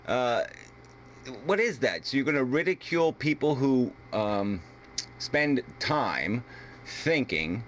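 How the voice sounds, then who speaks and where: A man's voice: mid-range voice, a bit bright, slight background noise. A man from the United States arguing heatedly in a video debate, combative and full of profanity. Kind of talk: heated argument.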